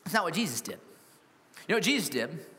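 A man preaching a sermon to a congregation, animated and humorous, full of rhetorical questions. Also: fairly high pitch, fast talker. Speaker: pastor. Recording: long hall reverb.

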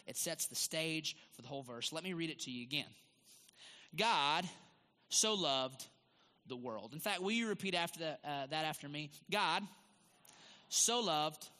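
A man preaching a sermon to his church, teaching with emphatic, drawn-out stress on key words. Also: fairly high pitch, bright, forceful tone. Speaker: pastor. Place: church sanctuary. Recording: long hall reverb.

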